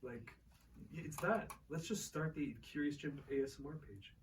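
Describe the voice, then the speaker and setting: A young man co-hosting a podcast, telling animated stories and acting out the quotes. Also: fairly high pitch, normal speed. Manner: animated storyteller, acts out quotes. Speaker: podcast co-host. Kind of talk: casual chat, storytelling. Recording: distant mic with faint noise.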